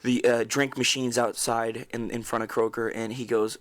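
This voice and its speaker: A man's voice: mid-range voice, little pitch movement, normal speed. A young man co-hosting a casual podcast, telling rambling stories with lots of swearing and laughter. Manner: rambling storyteller, swears a lot, laughs often. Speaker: podcast co-host. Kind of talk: casual chat.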